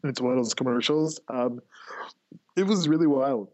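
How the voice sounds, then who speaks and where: A man being interviewed as a guest, speaking excitedly with many fillers and acting out remembered lines. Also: medium pitch, moderate pace. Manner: excitable, lots of fillers, acts out quotes. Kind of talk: casual interview chat.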